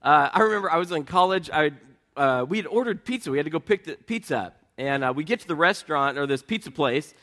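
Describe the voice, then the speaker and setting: A man preaching a sermon as pastor, in a conversational storytelling way with self-deprecating humor, getting lively as he tells anecdotes. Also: fairly high pitch, fast talker. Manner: lively, rising when telling anecdotes.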